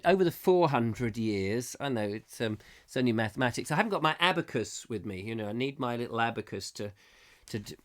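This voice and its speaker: A man hosting a live comedy chat show, rambling whimsically and reading out viewer comments. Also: medium pitch. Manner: whimsical, silly, reads viewer comments aloud. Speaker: host.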